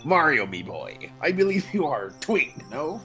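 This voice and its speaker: A game commentator voicing a gruff, fatherly old sailor spirit with a pirate-like growl. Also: medium pitch, sing-song, measured pace, sharp tone, faint music behind.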